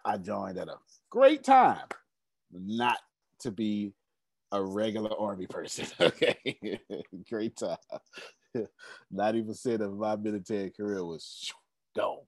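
A man's voice: lowish voice, very animated, unhurried, no echo. A man in his forties hosting an online business coaching meeting, emphatic and repetitive, laughing often and hyping up the group. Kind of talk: lively group video-call coaching.

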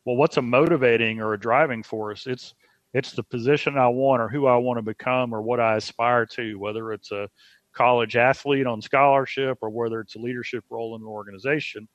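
Guy explaining coaching stuff, measured, mid pitch, muffled dry sound. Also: fairly even intonation, no room sound. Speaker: guest, leadership coach. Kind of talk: podcast conversation.

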